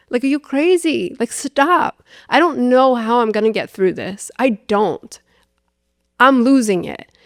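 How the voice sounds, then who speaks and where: A woman's voice: on the high side, clean tone, dry recording, studio quality. A young adult woman, a podcast guest, telling a candid personal story with lots of fillers and re-enacted dialogue.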